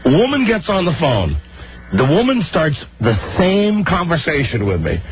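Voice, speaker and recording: A man's voice: a little high, wildly swooping pitch, unhurried, a little hiss or hum, low-quality recording. A man hosting a talk radio show, telling an exasperated story and acting out the people in it.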